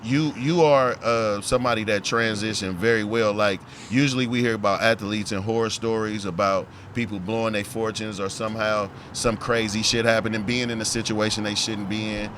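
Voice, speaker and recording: Laid-back male podcast host, lowish voice. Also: steady tone, normal speed, few pauses, a bit bright, a little hiss or hum. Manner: laid-back, conversational, laughs easily. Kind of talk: casual podcast chat.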